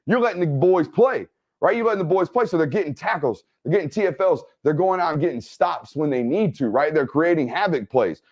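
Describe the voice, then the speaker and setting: A man hosting an energetic game film breakdown. He keeps checking in with "right?" and "okay?". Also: fairly high pitch, a little fast, muffled recording. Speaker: football film analyst and host.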